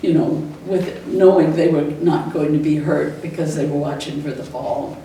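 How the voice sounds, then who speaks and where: An older woman, a retired school teacher, fondly recalls classroom stories, chuckling now and then. Her voice is low, warm, and steady at normal speed. The recording has an echoey room, a distant mic, and faint noise.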